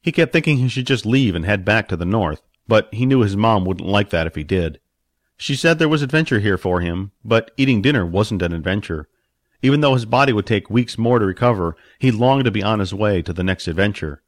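Male audiobook narrator, animated intonation, dry close sound. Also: on the low side, brisk, dry recording. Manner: expressive, puts on character voices. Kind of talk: storybook narration.

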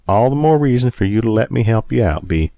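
A man's voice: medium pitch, animated, a little fast, vocal fry, no echo, muffled recording. A man voicing a caring friend who speaks earnestly. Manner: warm, concerned, earnest. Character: kind middle-aged man, caring friend.

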